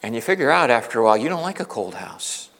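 A male pastor preaching a sermon, swinging from loud, emphatic peaks to hushed asides. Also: mid-range voice, very animated, fast, gravelly. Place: church sanctuary. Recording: reverberant church hall.

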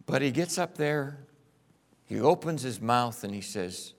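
A man preaching a sermon, telling a story dramatically and swinging between loud bursts and hushed passages. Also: medium pitch, animated, unhurried. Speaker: pastor.

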